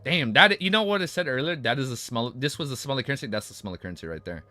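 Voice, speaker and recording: Raspy-voiced man reading aloud with asides. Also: mid-range voice, very fast. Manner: stumbles over words and rereads lines, breaks off into excited asides. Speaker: streamer reading a web novel aloud and reacting. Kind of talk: casual reading with live reactions.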